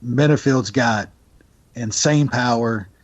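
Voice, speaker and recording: A man's voice: medium pitch, slow. A man co-hosting a podcast, talking bets in a blunt, profane, emphatic way. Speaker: podcast co-host. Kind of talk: casual sports betting chat. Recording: dull lo-fi sound.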